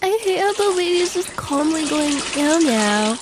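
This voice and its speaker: Very high-voiced excitable woman streamer. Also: moderate pace, noisy background. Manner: excitable, exclamatory, playful and crude. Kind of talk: casual reaction commentary.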